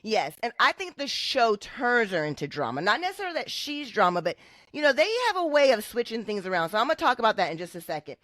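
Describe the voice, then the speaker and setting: A woman's voice: on the high side, sing-song, fast, fairly bright tone, no room sound. A woman with a Southern US country accent, co-hosting a podcast in a chatty, opinionated way. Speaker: podcast co-host. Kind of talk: casual podcast chat.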